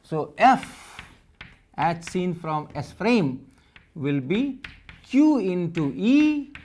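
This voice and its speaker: A man's voice: sits high, very animated, very slow, a little mellow. A man giving a physics lecture, working through equations step by step and repeating phrases as he writes. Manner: repeats phrases while writing, methodical.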